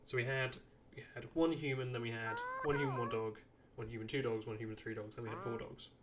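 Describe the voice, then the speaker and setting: A man's voice: mid-range voice, little pitch movement, fast talker, very noisy. A man giving casual live commentary while he plays a video game, rambling and chatting to the characters on screen. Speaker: streamer playing a video game. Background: game music.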